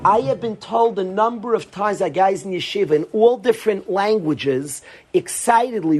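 A man's voice: sits high, moderate pace, husky. A man, a rabbi, giving an earnest Torah lecture to yeshiva students, often repeating phrases for emphasis.

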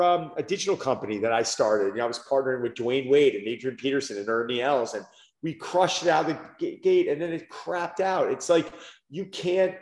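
A middle-aged man telling stories in a casual podcast chat, animated and acting out quotes, with many repeated words. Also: medium pitch, echoey room. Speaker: guest, fitness business owner.

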